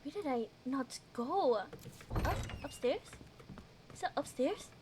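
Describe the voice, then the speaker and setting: A woman's voice: sits high, lively intonation, slow pace, a little mellow, a little hiss or hum. A woman streaming a game, giggling often and chatting with her viewers as she plays. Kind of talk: casual gameplay commentary.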